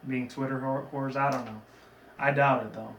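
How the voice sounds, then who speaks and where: A man's voice: medium pitch, fairly even intonation, moderate pace, fairly bright tone. A man casually recapping a cartoon episode in a chatty, digressive way, with lots of fillers. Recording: roomy, from a distant mic, faint background noise.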